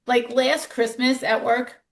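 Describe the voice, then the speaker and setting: Chatty woman host with a gravelly edge. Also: on the high side, little pitch movement, takes it slowly. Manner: chatty, storytelling, quotes herself. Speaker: nurse and podcast host. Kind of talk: podcast conversation.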